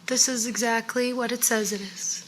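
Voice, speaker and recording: A woman co-hosting a casual makeup chat, a little hoarse from losing her voice, chatty and playfully sarcastic. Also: a little high, fairly even intonation, normal speed, noisy background. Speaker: co-host.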